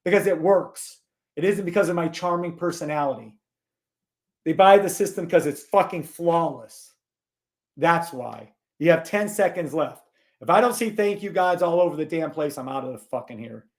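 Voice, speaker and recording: A man hosting a live trading stream, gruff and blunt, swearing and scolding his viewers while he calls out trades. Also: fairly high pitch, lively intonation, moderate pace.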